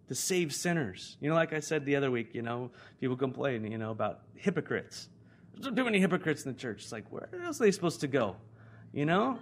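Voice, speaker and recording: A man with an American accent preaching a sermon as pastor, talking conversationally and swinging between loud emphasis and hushed, prayerful lines. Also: mid-range voice, very animated, brisk.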